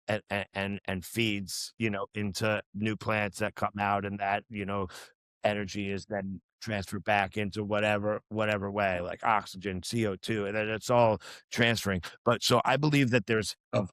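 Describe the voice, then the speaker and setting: A man's voice: lowish voice, a bit bright, no room sound. A man, a musician guest on a podcast, earnestly telling a rambling personal story with many restarts and fillers. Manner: earnest, reflective. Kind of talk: casual storytelling chat.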